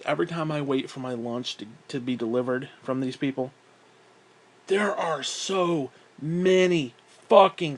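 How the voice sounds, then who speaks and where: A man telling a rambling story in a casual monologue, swearing often, exasperated and mocking himself, with frequent sighs. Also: a little high. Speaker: vlogger.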